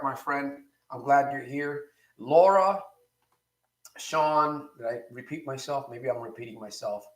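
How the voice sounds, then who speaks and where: A man's voice: fairly high pitch, fairly bright tone, reverberant. A man hosting a live motivational stream as a recovery coach, greeting viewers and reading their comments aloud, with encouraging, repetitive phrasing. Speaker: recovery coach and show host.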